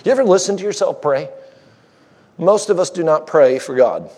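A man's voice: on the high side, lively intonation, moderate pace, a little mellow. A man preaching a sermon as a guest speaker, conversational and joking with the congregation, married fifteen years.

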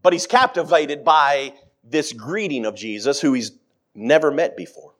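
High, animated male preacher. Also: normal speed. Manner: dramatic, acts out scripture quotes with big swings in pitch and loudness. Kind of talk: sermon.

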